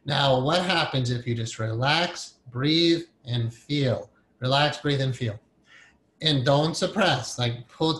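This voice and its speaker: A man's voice: mid-range voice, fairly bright tone, echoey room, low-quality recording. A man giving a recorded meditation training lecture in a loose, conversational way, repeating key points and acting out the inner voices of emotions. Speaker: meditation teacher.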